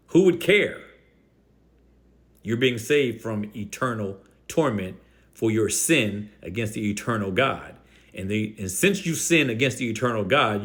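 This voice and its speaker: Male host, mid pitch, rebuttal straight to the camera, combative, slow heavy stress on key words. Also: fairly bright tone. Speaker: Christian apologetics video host. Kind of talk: direct-address rebuttal.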